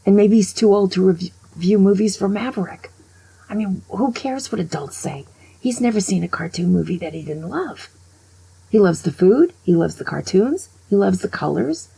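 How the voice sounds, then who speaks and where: An older woman past sixty-five tells a story in a rough, gravelly voice with a very husky, breathy edge. Her tone is mellow and dark. She talks with animation and turns hushed whenever she quotes someone. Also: medium pitch, lively intonation, moderate pace, rough recording. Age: over 65. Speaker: vlogger. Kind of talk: storytelling monologue.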